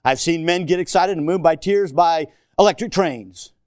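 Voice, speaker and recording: A middle-aged man preaching a sermon in a church, swinging from shouted emphasis to hushed asides and joking with the congregation. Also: a little high, moderate pace, clear, resonant tone, no echo, clean studio sound. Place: church sanctuary.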